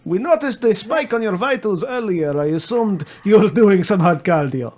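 Guy putting on a deadpan helmeted commander, broken english, kinda high and slow. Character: red-helmeted male commander, dry and odd.

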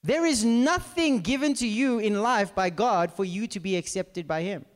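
A man's voice: sits high, normal speed. A man preaching a sermon, acting out scripture characters and asking the audience to follow. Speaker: pastor. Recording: reverberant hall.

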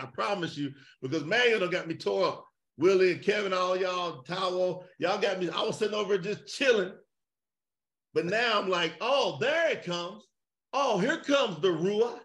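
Fiery preacher man. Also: high-pitched. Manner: emphatic, shouting, rhetorical questions. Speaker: preacher leading an online gathering. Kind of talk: fiery call-and-response preaching. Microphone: video call.

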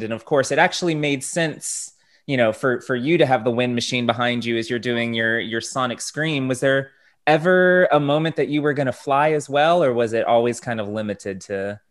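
A man hosting a casual interview, asking long questions chattily, with halting restarts. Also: medium pitch. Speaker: interview host.

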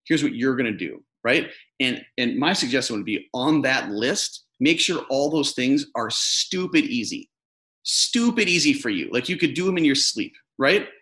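A man's voice: medium pitch, lively intonation, moderate pace, pushed and bright. A man talking as a podcast guest in casual interview chat, earnest and rambling, often restarting his sentences.

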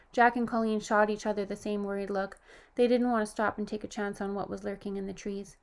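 A woman narrates a horror story in a steady, scripted reading. Her voice sits at a middle pitch and stays flat, with little rise and fall. She lifts it only a little when she quotes a character. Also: brisk. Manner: even, steady storytelling with lifted quoted lines.

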